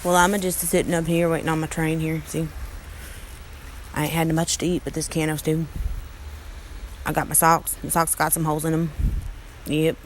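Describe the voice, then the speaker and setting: A woman's voice: sits low, little pitch movement, normal speed, long pauses, slight background noise, pitched below the performer's own voice, lightly acted. A woman voicing an old, uneducated country man who rambles in a rural drawl. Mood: rambling contentment.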